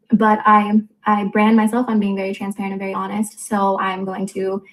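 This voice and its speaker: A woman in her twenties telling a personal story in a candid vlog, blunt and full of profanity, quickly acting out what others said. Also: mid-range voice, low-quality recording. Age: 20s. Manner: quotes others in quick reported dialogue. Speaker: vlogger.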